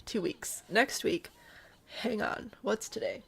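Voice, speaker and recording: A woman's voice: medium pitch, takes it slowly, vocal fry, husky. A woman with a Midwestern accent, casually commenting on a life-sim game for live viewers and cracking jokes as she plays. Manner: playful, jokey, chatting with live viewers. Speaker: let's play streamer.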